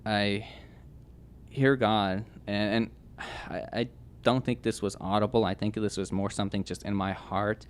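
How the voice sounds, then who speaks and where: A young man telling his personal testimony as a podcast guest, earnest and halting, with many restarts and fillers. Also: fairly low pitch, level tone, a little hiss or hum.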